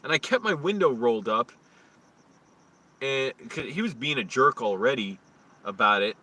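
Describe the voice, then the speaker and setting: A man's voice: mid-range voice, expressive, moderate pace, bright, forceful tone. A man live-streaming outdoors, telling rambling anecdotes with restarts, his voice rising when he retells arguments. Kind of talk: casual live-stream storytelling.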